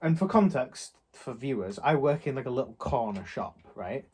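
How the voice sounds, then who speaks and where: A man's voice: mid-range voice, lively intonation, normal speed, a little mellow, husky. Rambling young man telling a story. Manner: rambling, retells an argument with many quotes. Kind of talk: casual chat, storytelling.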